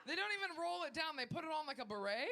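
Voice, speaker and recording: A woman's voice: high-pitched, lively intonation, fast talker, gravelly, background noise. Brash North American woman doing stand-up. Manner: brash, crude and self-mocking. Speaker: stand-up comedian. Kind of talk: stand-up comedy set. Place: comedy club stage with audience.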